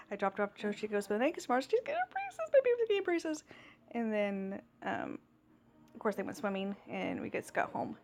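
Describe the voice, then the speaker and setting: A woman in her thirties vents about her day into a phone camera, exasperated and talking in a rush of asides. Her voice sits at an ordinary middle pitch, and a faint hiss runs underneath. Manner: exasperated, ranting, acts out quoted dialogue. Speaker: vlogger. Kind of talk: casual vlog storytelling.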